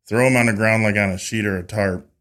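Low-voiced man telling an animated story. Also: fast. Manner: animated, acts out quoted dialogue with lively voices; frequent restarts and repeated words. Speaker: podcast guest, beekeeper. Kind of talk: casual conversational storytelling.

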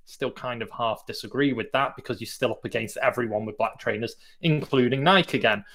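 A man's voice: mid-range voice, a little fast, fairly bright tone. A British man co-hosting a podcast, chatty and light, often turning questions back to his partner. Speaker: podcast co-host. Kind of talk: casual discussion of search marketing news.

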